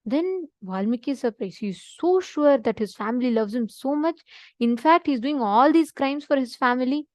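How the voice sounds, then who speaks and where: Woman, spiritual teaching, earnest storytelling, fairly high voice, dry sound. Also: lively intonation, moderate pace, a little mellow, no room sound. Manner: earnest, addresses listeners directly with questions.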